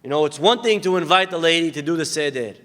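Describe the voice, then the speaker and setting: A man's voice: on the high side, quick pace. A man as a rabbi, giving a sermon made of stories and acting out the voices of the people in them. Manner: acts out the people in his stories with lively voice changes. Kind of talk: sermon storytelling. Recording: long hall reverb.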